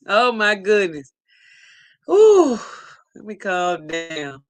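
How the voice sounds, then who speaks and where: A woman's voice: mid-range voice, very animated, drawn-out words, long pauses, no echo. A woman hosting a casual live stream, reading viewer comments aloud in an upbeat, effusive way.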